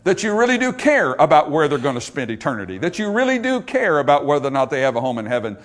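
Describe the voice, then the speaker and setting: A man's voice: a little high, big pitch swings, fast. A man preaching a sermon, earnest and emphatic, building his points through repeated phrases. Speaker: pastor.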